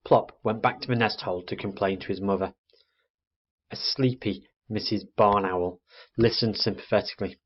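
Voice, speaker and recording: A man teaching a primary school lesson, reading a children's story aloud in an expressive storytelling manner. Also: lowish voice, normal speed. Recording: dull lo-fi recording.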